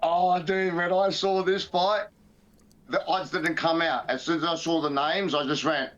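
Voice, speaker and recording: High-voiced Australian guy, podcast co-host, blunt and sweary. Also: measured pace, highs cut off. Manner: outspoken, profane, animated. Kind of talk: casual podcast banter.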